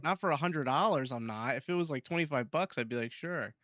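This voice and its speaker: A man's voice: medium pitch, lively intonation, a bit bright, dry recording. Sarcastic podcast man, dry mic. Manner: laughing, sarcastic, quick to agree. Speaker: podcast co-host. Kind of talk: casual podcast chat.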